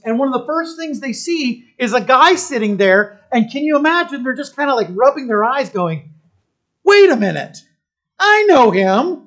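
A pastor preaching a sermon. The pastor tells the story in an animated way, often checking in with listeners and restarting phrases while thinking aloud. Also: mid-range voice. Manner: animated storytelling, keeps asking listeners "right?".

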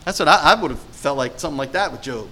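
A man's voice: on the high side, lively intonation, fast, low-quality recording. A man preaching a sermon, reading scripture dramatically and asking his listeners questions in a conversational way. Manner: emphatic, dramatic scripture reading with sudden loud and quiet turns; conversational, asks the audience questions.

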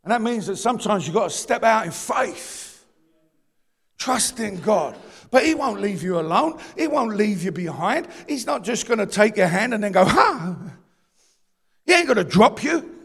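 A man from East London with a London accent, preaching a sermon with passion, shifting from shouting to low confiding talk and using street slang. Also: animated, normal speed, gravelly, slightly rough. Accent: London English. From East London, England. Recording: long reverb of a large hall.

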